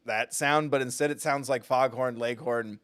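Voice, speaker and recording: A man's voice: mid-range voice, steady tone, normal speed, a bit bright. Chatty self-deprecating male streamer. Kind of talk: casual live gameplay commentary.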